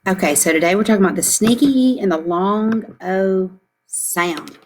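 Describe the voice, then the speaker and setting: A woman teacher leading a phonics lesson for young children, speaking slowly and clearly and repeating questions for the kids to echo. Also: medium pitch.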